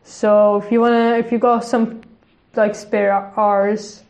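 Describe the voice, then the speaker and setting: Giggly chatty woman, slightly high voice. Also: little pitch movement, a little slow, darkish tone. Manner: chatty, giggly, lots of fillers. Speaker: podcast co-host. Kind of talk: casual podcast chat. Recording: roomy echo.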